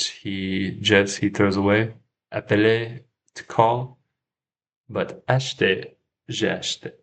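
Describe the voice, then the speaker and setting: A man with a low, gravelly voice talks his way through a casual livestream study session. He speaks at an unhurried pace and in a flat tone, repeating each word to check himself. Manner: thinks aloud, repeats words while checking himself. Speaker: French learner and livestream host.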